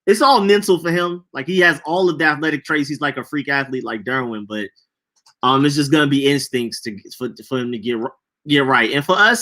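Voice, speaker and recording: A man's voice: fairly high pitch, sharp tone. A young man hosting a casual sports podcast, chatting loosely and reacting to viewer comments. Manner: loose, chatty, says bro a lot. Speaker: podcast host reading chat.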